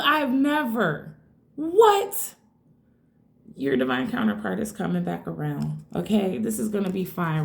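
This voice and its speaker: Gravelly-voiced woman reading tarot, excitable. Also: lowish voice. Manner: excitable, swears freely, addresses viewers as y'all. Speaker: tarot reader. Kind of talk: casual tarot reading to camera. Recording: echoey room.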